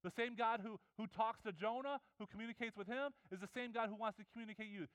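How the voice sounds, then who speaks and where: High-voiced man preaching a sermon. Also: quick pace, a bit bright, no echo. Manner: earnest, conversational preaching with many restarts. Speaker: pastor.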